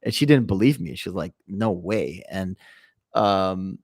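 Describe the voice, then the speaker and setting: A young man hosting a livestream, telling a long anecdote in a calm, rambling way with fillers. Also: sits low, moderate pace, no room sound, studio quality. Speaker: livestream host. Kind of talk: casual storytelling to a live chat.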